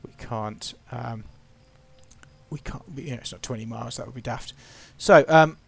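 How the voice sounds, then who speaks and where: Man, gravelly voice, chatty game travelogue commentary with a playful, self-deprecating streak. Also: medium pitch, moderate pace, a little hiss or hum. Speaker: gameplay narrator. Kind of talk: casual gameplay commentary.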